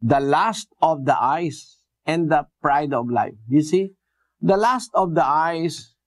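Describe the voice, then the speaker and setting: A male preacher expounds scripture at an unhurried pace, his voice sitting noticeably high. He pauses on fillers and tosses rhetorical questions at his listeners. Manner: slow, deliberate, with hesitant fillers and rhetorical questions. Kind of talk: bible exposition sermon.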